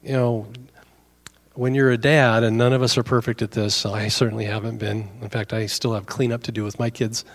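A man's voice: mid-range voice, flat delivery, brisk. A middle-aged male pastor giving a conversational sermon, telling a story and acting out both sides of the dialogue.

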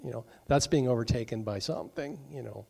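A middle-aged male pastor preaching a sermon in a conversational way, with joking asides and quick acted-out voices. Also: medium pitch, vocal fry, a little mellow, breathy edge.

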